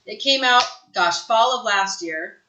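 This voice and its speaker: A woman's voice: mid-range voice, measured pace, sharp tone, echoey room, slight background noise, rough recording. A woman coaching real estate agents in a live training session, talking emphatically and often checking in with "right?".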